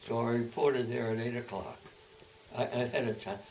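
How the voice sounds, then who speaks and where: A man in his eighties telling stories from his past at home, halting and repeating words as he goes. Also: mid-range voice, fairly even intonation, a little mellow. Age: 80s. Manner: halting, repeats words and restarts, then speeds up. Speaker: interviewee, veteran. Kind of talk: oral-history storytelling. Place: home, indoors. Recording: distant mic with faint hiss.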